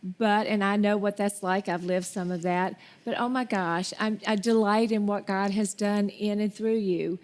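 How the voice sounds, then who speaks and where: A woman's voice: medium pitch, steady tone, moderate pace, few pauses, a little mellow. A woman hosting a Christian talk show, speaking with effusive, faith-filled encouragement.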